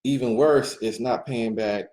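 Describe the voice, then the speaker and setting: A man's voice: mid-range voice, fairly even intonation, unhurried, a little mellow. A man hosting a talk radio show, making loose, unscripted announcements with frequent fillers.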